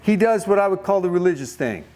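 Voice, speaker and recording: Lively camp preacher, higher voice, quizzes the crowd while he tells the story. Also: fast talker. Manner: animated storytelling, questions to the audience. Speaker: camp speaker. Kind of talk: youth camp sermon.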